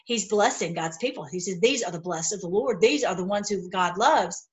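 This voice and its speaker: The recording is rough as a woman of medium pitch, speaking at a moderate pace, reads Bible verses. She's an online Bible teacher who breaks away into fervent, rambling remarks peppered with "y'all."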